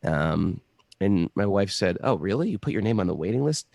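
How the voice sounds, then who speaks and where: A middle-aged man tells a winding personal story in a casual, animated way, often restarting his sentences. His voice sits low with a gravelly edge, and the sound is dry and close. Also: normal speed, no echo. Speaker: guest telling a story.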